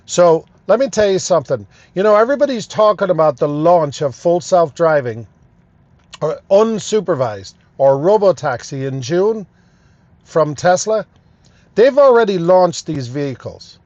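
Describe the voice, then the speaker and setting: Male car vlogger, high voice, slow deliberate delivery, emphatic and indignant. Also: a little mellow, dry recording, highs cut off. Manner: emphatic, indignant ranting with repeated phrases. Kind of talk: talking to camera. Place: in his car.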